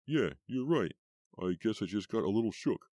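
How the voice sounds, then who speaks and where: A man voicing a nervous teenage boyfriend in an audiobook, speaking a bit higher and louder than his own voice. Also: animated, normal speed, no echo, clean studio sound. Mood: worried.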